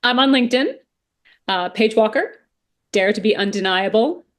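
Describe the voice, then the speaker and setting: A woman's voice: a little high, moderate pace. Earnest woman, voice coach guest. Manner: earnest, emphatic, repeats phrases. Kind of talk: interview conversation.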